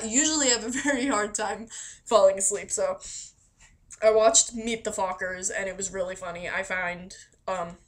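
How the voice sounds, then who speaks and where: A woman with a medium-pitched voice talks her way through a questionnaire. She rambles and laughs at herself, with a casual curse dropped in here and there. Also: fairly bright tone. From Florida. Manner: chatty and self-deprecating, laughs often, swears casually. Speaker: vlogger answering a voice meme questionnaire.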